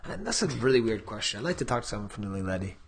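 A man's voice: fairly low pitch, big pitch swings, very fast, breathy edge. Joking male podcast host. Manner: joking, drifts into tangents. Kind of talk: casual chat.

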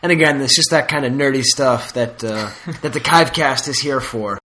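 A man's voice: medium pitch, normal speed, sharp tone, a little hiss or hum. A man hosting a podcast in casual chat, rambling through stories with asides. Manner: rambling, storytelling with laughs and asides. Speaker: podcast host.

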